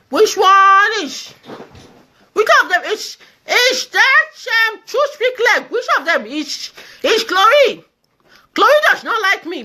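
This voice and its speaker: A woman's voice: very high voice, bright, forceful tone, exaggerated voice. A woman in a comedy skit playing a fussy elderly mother who pleads and wails, with a squawky, cracked voice. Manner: pleading, repetitive, wailing complaints. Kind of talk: comedy skit, live video.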